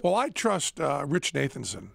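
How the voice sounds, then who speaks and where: A gravelly, husky older man hosts a casual studio chat, spinning wry stories at an easy clip. His voice sits in a middle range, rough and a little raspy. The sound is dry and close. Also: fairly high pitch, sing-song, moderate pace, no room sound. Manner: storytelling, wry. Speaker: podcast host.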